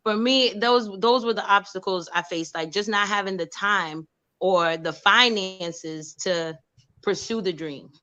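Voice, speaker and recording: In a muffled recording, an actress and producer from New York, USA, shares stories during a casual interview in an unhurried, mid-range voice, animatedly performing the voices of the people she quotes.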